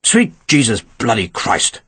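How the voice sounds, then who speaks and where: Grumpy cursing old general done by a guy reading an audiobook, raspy edge. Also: mid-range voice, very animated, fairly quick. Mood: angry scornful. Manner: scornful, swearing, barking. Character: foul-mouthed irate older male general.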